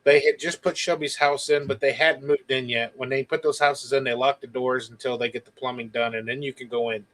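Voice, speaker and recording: Talking fairly quickly with hardly a pause, this guest recounts a story in relaxed conversation, his mid-range voice captured on a rough recording. He brings it to life by quoting others in animated bursts.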